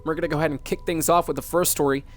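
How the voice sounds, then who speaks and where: A man's voice: on the high side, fairly even intonation, rapid-fire. A man hosting a mock news broadcast, dramatic and emphatic, repeating words for effect.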